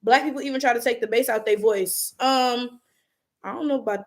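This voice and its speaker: A woman's voice: fairly high pitch, a little fast. A young woman from Detroit with an African American Vernacular accent, talking bluntly and profanely while reading viewer comments as a YouTube host. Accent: African American Vernacular English, Detroit. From Detroit, USA. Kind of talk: casual livestream commentary.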